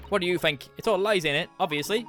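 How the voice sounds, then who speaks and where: A man voicing a scrappy, defiant young street girl, cheeky and loud. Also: sits high, fast talker, faint music behind, pitched above the performer's own voice. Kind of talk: reading game dialogue aloud.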